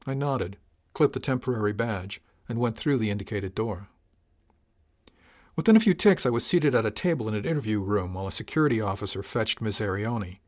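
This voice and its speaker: A man narrating a science fiction audiobook in the first person, calm, measured and dry. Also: on the low side.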